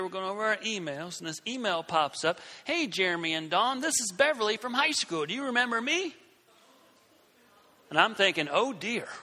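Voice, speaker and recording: A middle-aged man telling a story in a sermon, animated and acting out the voices of the people in it. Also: high voice, long reverb tail. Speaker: Christian speaker.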